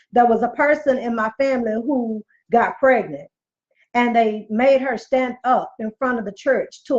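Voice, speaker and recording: A woman in her forties hosting a live show, telling candid stories with emphatic, preachy talk and reading viewer comments aloud. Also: high voice. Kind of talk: candid storytelling monologue to viewers. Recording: muffled lo-fi recording.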